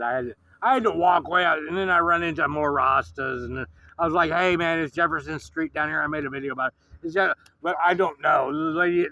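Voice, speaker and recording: High-pitched male vlogger; rambling, swearing, heated storyteller. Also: sharp tone. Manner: profane, rambling, gets worked up. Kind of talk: rambling story rant vlog.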